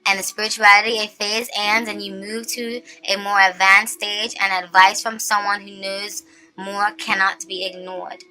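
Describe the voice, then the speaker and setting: A female tarot reader does a casual reading for her viewers, her voice medium-pitched over soft background music. Chatty and animated, she keeps asking "okay?" and slows down to emphasize her points.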